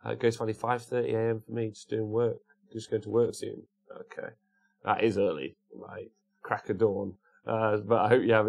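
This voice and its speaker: Gravelly, chatty male streamer. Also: fairly low pitch, darkish tone. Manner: rambling, chatty, greets viewers by name. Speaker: livestream host. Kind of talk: casual chat reading live comments.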